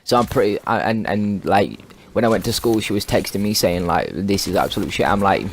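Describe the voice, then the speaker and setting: A man's voice: fairly low pitch, animated, brisk, slight background noise. A teenage boy, telling a long rambling story over gameplay and swearing constantly. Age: teens. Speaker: gaming video commentator.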